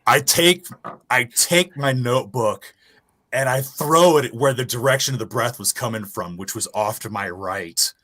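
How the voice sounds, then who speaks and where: A man casually telling a profane, animated ghost story from his Navy days. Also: mid-range voice, normal speed. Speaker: guest storyteller.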